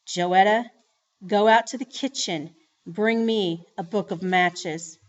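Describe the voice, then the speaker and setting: A woman's voice: medium pitch, animated, moderate pace, a bit bright, distant mic, lightly acted. A woman voicing a furious, stern mother who gives clipped, hissing orders in a Southern US accent. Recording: slightly dull lo-fi recording.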